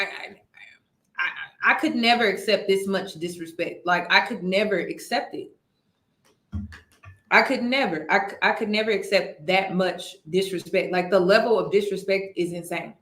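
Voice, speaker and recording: Woman host doing reaction commentary, bright sharp voice, echoey room. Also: mid-range voice, a little slow. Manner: animated, exclaiming, repeats herself.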